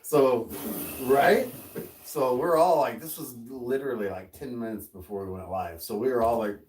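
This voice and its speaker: A middle-aged man hosting a casual podcast, telling a story with lively energy and putting on the voices of the people in it. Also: medium pitch, normal speed. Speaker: podcast host. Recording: roomy sound, mic at a distance.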